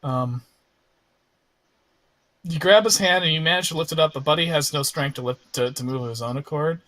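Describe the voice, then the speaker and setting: A man narrating as game master of a tabletop game, relaxed and halting, with fillers. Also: on the high side, no room sound.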